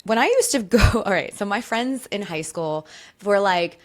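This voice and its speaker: A young woman hosting a podcast in a casual chat, animated and jokey, swearing freely. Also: mid-range voice, normal speed. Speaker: podcast host.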